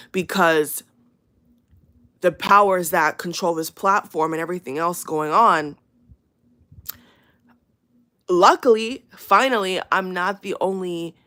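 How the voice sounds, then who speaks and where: Low-voiced woman giving an earnest, rambling warning. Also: unhurried, a bit bright. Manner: rambling, repeats herself, many fillers; earnest and emphatic. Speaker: channel host. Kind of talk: casual spoken warning to viewers.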